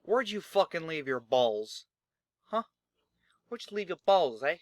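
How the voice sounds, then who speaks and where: A brash male wrestler spits loud, boastful trash talk, as a man puts him on. The voice sits a touch high and cuts hard. The recording is bone dry with no room around it. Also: steady tone, fast talker, clear, resonant tone, dry recording. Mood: mocking.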